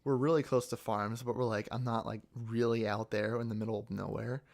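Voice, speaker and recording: A man's voice: fairly low pitch, level tone, a little fast, vocal fry, darkish tone. A young man from central Pennsylvania answering viewer comments in a rambling casual chat, full of fillers and restarts. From central Pennsylvania, United States. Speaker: ASMR channel host.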